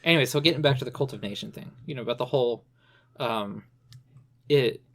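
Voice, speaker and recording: A man's voice: mid-range voice, fairly quick, fairly bright tone. Rambling man on a podcast. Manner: rambling, restarts often, many "you know" fillers. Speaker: podcast guest expert. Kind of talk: casual podcast conversation.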